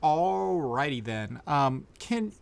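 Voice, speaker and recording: A man's voice: on the high side, very animated, slow pace, vocal fry. A man running a tabletop game as game master, narrating easily and thinking aloud. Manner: easygoing, thinks aloud with fillers.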